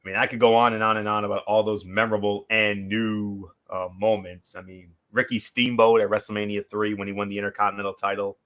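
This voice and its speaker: Bright-voiced man rambling warmly. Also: lowish voice, little pitch movement, brisk, hardly any pauses. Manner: rambling, many fillers and restarts. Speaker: podcast host. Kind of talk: casual tribute talk.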